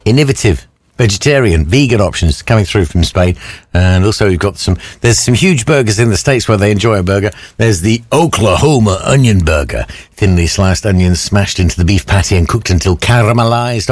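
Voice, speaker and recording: A man's voice: fairly low pitch, a little fast, no room sound. A man presenting on the radio, chatting in a playful, punning way. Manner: jokey, punning, playful asides.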